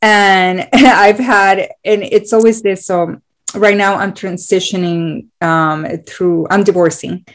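A woman's voice: medium pitch, fairly even intonation, takes it slowly. A woman in casual conversation, talking openly and emotionally, rambling with many fillers.

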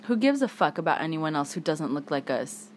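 A woman's voice: sits low, very animated, brisk, slight background noise. A woman hosting a solo podcast, talking angrily with heavy swearing, tired. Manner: angry, heavy swearing, emphatic. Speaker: podcast host.

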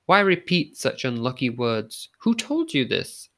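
A man's voice: mid-range voice, wildly swooping pitch, a little slow, bright, forceful tone, heavily acted. A man reading a storybook, voicing a female maidservant in raised, exclaiming tones. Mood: amazed, indignant. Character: female maidservant, loyal and excitable.

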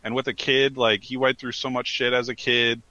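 A man's voice: medium pitch, flat delivery, normal speed, bright, forceful tone, no room sound. A man in casual chat as a podcast co-host, earnestly and emphatically recommending things. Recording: slightly dull, lo-fi mic.

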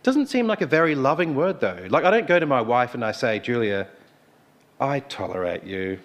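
A man's voice: a little high, sing-song, quick pace, a little hiss or hum. A man preacher giving a sermon to a young audience, chatty, checking in with listeners and asking rhetorical questions.

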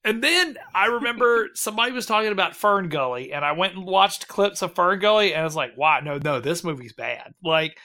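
A man's voice: high-pitched, fairly quick, hardly any pauses, sharp tone. A man hosting a casual podcast chat, rambling with lots of ums, laughing and swearing as he runs a bracket vote.

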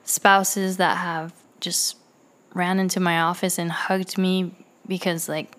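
A woman who works at a dialysis clinic tells personal stories casually and ramblingly, full of fillers and restarts. Her voice is fairly low and fairly bright, with a flat, slow delivery.

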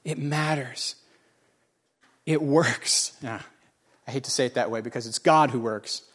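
A man in his forties preaching a sermon, folksy and joking with the congregation, swinging between loud exclamations and quiet asides. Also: medium pitch, measured pace. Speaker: pastor.

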